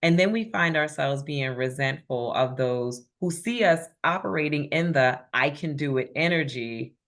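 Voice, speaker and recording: A woman's voice: deep voice, moderate pace. A woman facilitating a spiritual group call, affirming members and reading chat comments aloud.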